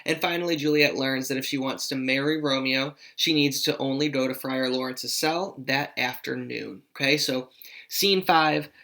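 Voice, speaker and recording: A man's voice: mid-range voice, fairly even intonation, moderate pace, vocal fry, bright, forceful tone. A man teaching a lesson, casually explaining a play with frequent check-ins.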